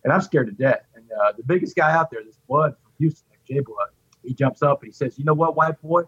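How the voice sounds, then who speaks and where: Speaking in a mid-range voice at a brisk clip with some breathiness, the Texan from Port Arthur shares a personal tale as a guest and performs the voices of people in it. The recording is dry, dull and lo-fi, without echo.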